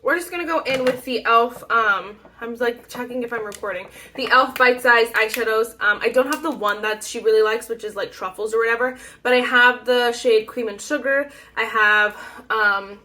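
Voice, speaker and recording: A woman's voice: a little high, moderate pace, bright, forceful tone, a little hiss or hum. A young woman chatting casually through a makeup tutorial, rambling and self-deprecating, with frequent ums and little laughs. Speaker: beauty YouTuber.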